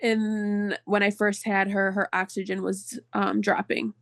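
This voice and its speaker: Bright-voiced woman client, quick to laugh. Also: mid-range voice, level tone, dry recording. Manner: laughs often, talks eagerly.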